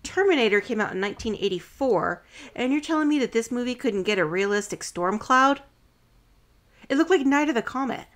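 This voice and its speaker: A woman's voice: on the high side, lively intonation, a little fast. A woman co-hosting a podcast in casual chat, sarcastic and mock-indignant, with some swearing. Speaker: podcast co-host.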